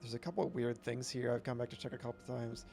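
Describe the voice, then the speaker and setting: A man's voice: medium pitch, little pitch movement, quick pace, vocal fry, background noise. A man streaming a video game, chatting casually with rambling, upbeat commentary. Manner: rambling, self-correcting, upbeat.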